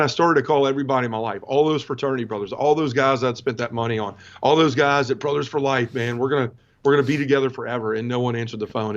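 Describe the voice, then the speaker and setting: Man, 40s, podcast guest: earnest personal testimony, talks straight to the host, mid-range voice, muffled lo-fi audio. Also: medium pitch. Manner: earnest, conversational, addresses the host often. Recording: dull lo-fi sound.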